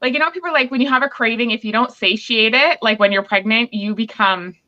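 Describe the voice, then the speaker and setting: A woman's voice: fairly high pitch, fast, sharp tone. A pregnant woman hosting a podcast, telling a candid story in casual chat and acting out both sides of a quarrel. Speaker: podcast host. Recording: muffled lo-fi recording.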